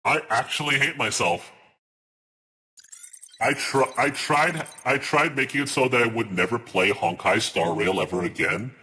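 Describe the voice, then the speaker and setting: A man's voice: mid-range voice, measured pace, bright, forceful tone. A man chatting casually on a live stream, ranting in exasperation and swearing as he reads his chat aloud.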